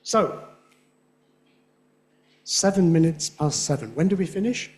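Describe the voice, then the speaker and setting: A man lecturing at a conference, his voice sitting a little high for a man. He keeps it conversational, asks "yeah?" after his points and says his examples slowly and carefully. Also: expressive, darkish tone. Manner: chatty, checks in with "yeah?", repeats examples slowly. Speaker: guest lecturer on English phonetics. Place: lecture hall with an audience.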